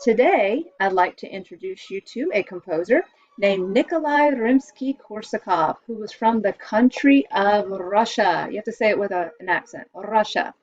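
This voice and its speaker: A woman from the United States, an elementary school music teacher, explaining composers and the orchestra to children in a cheerful, clear way. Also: mid-range voice, lively intonation, a little mellow, no echo, lo-fi sound. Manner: cheerful, explains slowly for kids.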